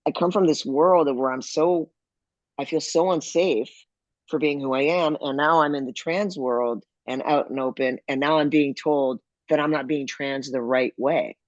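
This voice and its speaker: A man speaking as a podcast guest, telling personal stories in a lively way and acting out the people he quotes. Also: on the high side, moderate pace, no echo, dull audio. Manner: animated, acts out quoted people. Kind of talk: conversational storytelling.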